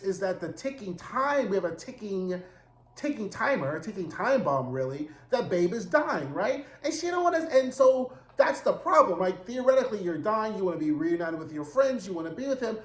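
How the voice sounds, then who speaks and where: A man recapping a TV episode in a casual monologue, animated, campy and profane in his storytelling. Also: sits high, roomy sound. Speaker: TV recap reviewer.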